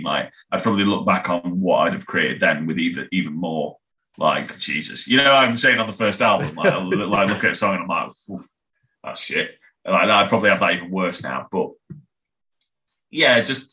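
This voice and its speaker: A young Englishman, a band member guesting on a podcast, chats casually in a low voice that sounds pushed and bright. He rambles, laughs and swears freely.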